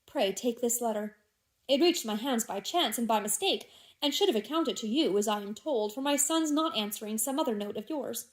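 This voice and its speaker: Silky older gentleman, persuasive, falsely tender, woman reading, classic audiobook. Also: fairly high pitch, expressive, normal speed, close to an everyday voice. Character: smooth-tongued scheming older gentleman.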